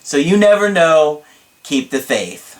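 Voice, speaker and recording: A man's voice: a little high, big pitch swings. Guy doing a dramatic young dude, stretches every word, all worked up. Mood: effusive. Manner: drawn-out, emphatic delivery. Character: excitable young male client, dramatic and effusive.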